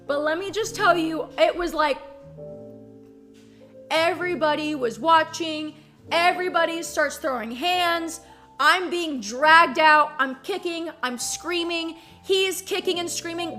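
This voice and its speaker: A young woman streamer telling a story in a casual, animated and profane way, full of "like". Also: very high-pitched, measured pace, faint music behind.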